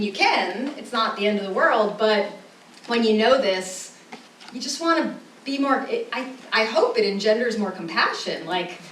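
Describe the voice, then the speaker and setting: A woman giving an animated talk to parents, sometimes acting out children's voices, recorded in a roomy school room from far off with faint hiss. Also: mid-range voice. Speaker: parenting educator.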